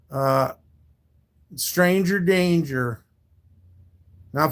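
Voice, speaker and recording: A man live streaming, talking back to his viewers in a confrontational, profane rant. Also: high-pitched.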